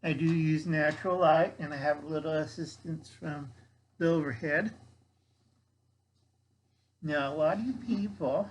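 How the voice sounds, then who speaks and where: Older guy doing a show and tell vlog, slow folksy talk, calls everyone kids. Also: a little high, a little hiss or hum, poor audio. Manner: folksy, talks to viewers as kids. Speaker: vlogger.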